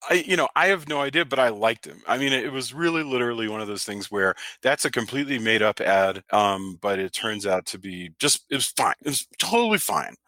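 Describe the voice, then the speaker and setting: A man's voice: mid-range voice, animated, a little fast, few pauses, pushed and bright, no room sound. A man co-hosting a podcast, chatting casually about a film and often restarting his sentences. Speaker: podcast co-host. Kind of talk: casual film review chat.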